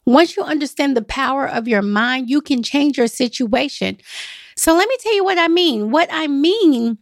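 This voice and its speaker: A woman hosting a travel podcast in a lively, emphatic, chatty way. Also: on the high side, vocal fry, no room sound, clean studio sound. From United States. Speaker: podcast host and travel agent. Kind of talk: solo podcast talk.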